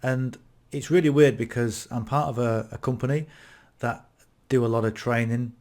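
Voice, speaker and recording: A man's voice: mid-range voice, steady tone, moderate pace, darkish tone. A man in his fifties with a British accent, talking casually to camera about online marketing, reflective and prone to restarting his sentences. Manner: conversational, restarts often, self-reflective. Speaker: affiliate marketing vlogger.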